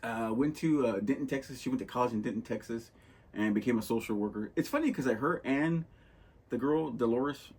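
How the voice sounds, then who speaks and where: A man's voice: mid-range voice, fairly quick, darkish tone, husky. A man hosting a podcast, chatting casually and rambling through movie stories, acting out lines in a loose, laid-back way. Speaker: podcast host. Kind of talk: casual chat about movies.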